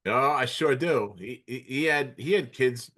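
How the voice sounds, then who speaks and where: A man hosting a podcast, chatting casually and steering the talk with animated questions. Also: medium pitch, measured pace. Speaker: podcast host.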